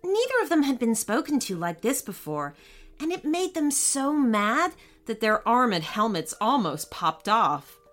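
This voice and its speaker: A woman narrating a children's story in an expressive, unhurried way. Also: a little high. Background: faint music.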